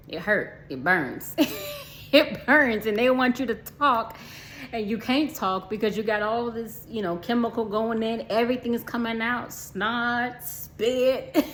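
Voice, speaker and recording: A woman vlogger tells a casual storytime in a chatty, easygoing way. She laughs often and talks straight to her viewers. Her pitch sits in the middle range. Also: slight background noise.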